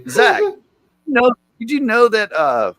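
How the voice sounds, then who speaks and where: A man chatting casually on a live stream, animated and swearing as he talks to his chat and a friend. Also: extremely high pitch, slow pace, no echo. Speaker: livestreamer.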